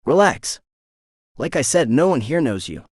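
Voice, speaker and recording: Easygoing flirty shifter guy, voiced by a man, lively teasing delivery, dry close mic. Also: medium pitch, moderate pace, slightly rough, no room sound. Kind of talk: audiobook character voice.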